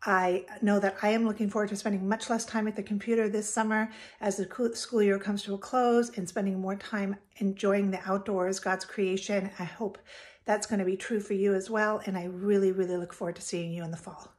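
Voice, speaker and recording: A woman's voice: mid-range voice, little pitch movement, fairly quick. Encouraging female math teacher, casual and hesitant, talking to students. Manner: warm and encouraging, hesitant with fillers.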